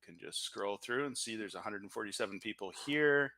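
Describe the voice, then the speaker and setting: A man's voice: fairly low pitch, lively intonation, brisk, sharp tone. A man with a Canadian accent hosting a live-streamed lottery draw, chatty and joking as he talks. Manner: chatty and joking, thinks aloud with fillers. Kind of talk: upbeat live-stream commentary. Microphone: audio-only stream mic.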